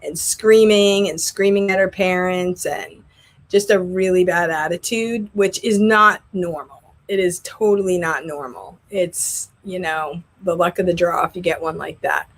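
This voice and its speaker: A woman's voice: on the low side, fairly even intonation, a little slow. A woman who teaches English online, chatting casually and telling rambling stories about her classes. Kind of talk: casual vlog chat.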